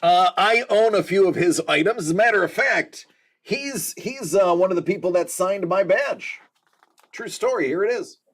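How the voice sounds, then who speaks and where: Speaking at normal speed in a high-pitched, slightly bright voice, a man from the United States runs a livestream. He jokes around casually with his audience and calls viewers by name.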